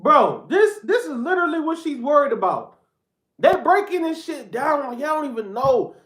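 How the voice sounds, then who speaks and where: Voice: sits high, big pitch swings, normal speed, a bit bright. A heated political reaction rant from a commentator who talks bluntly and keeps circling back to the same points. The speech is loose and slangy, with "bro" thrown at the audience again and again. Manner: blunt, repetitive, slangy, addresses viewers as bro.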